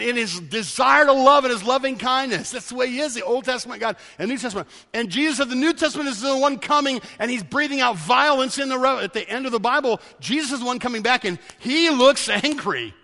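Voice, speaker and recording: High, bright-voiced preacher in a hall. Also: male voice. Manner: emphatic, repeats key words for stress. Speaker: pastor. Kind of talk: sermon.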